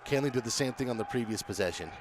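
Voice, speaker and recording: A man's voice: mid-range voice, very fast. A man giving color commentary on a basketball game, chatting with his partner in a conversational, coach-like way. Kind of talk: relaxed game analysis.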